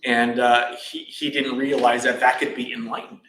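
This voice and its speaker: A man's voice: medium pitch, normal speed, a little hiss or hum. Chatty man telling a story in an echoey hall. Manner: relaxed, chatty, many fillers and restarts. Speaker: temple teacher. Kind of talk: casual dharma talk storytelling. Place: temple hall.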